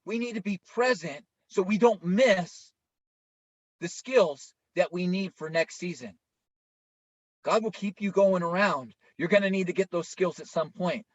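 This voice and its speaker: A man's voice: sits high, unhurried, no room sound. A male pastor preaching an informal, conversational sermon, often checking in with listeners by asking "right?". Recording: dull lo-fi, dry sound.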